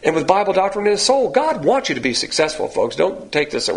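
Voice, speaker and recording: An older man preaching a sermon in a blunt, animated, coarse-spoken way. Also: high voice, fast, hardly any pauses, low-quality recording. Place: church in Texas.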